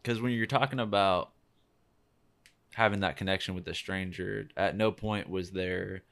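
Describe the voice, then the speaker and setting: A man's voice: sits low, fairly even intonation, normal speed, gravelly, a bit bright. A man co-hosting a podcast, talking earnestly and enthusiastically in casual chat. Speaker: podcast co-host.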